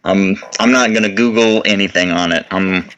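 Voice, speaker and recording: A man's voice: deep voice, moderate pace, fairly bright tone, a little hiss or hum, poor audio. A man with a Texan accent co-hosting a podcast in casual chat, wry and self-mocking. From Texas. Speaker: podcast co-host.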